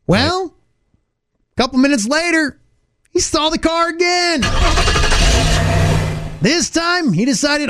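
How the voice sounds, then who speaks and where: A man co-hosting a radio morning show, telling news stories in an animated, playful way. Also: very high voice, a little slow, long pauses. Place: radio studio. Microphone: studio microphone.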